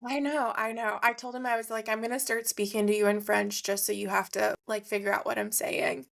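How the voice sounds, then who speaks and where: A woman's voice: mid-range voice, level tone, fairly quick, creaky, a bit bright. A woman co-hosting a podcast, telling a story in casual chat and laughing often. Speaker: podcast co-host.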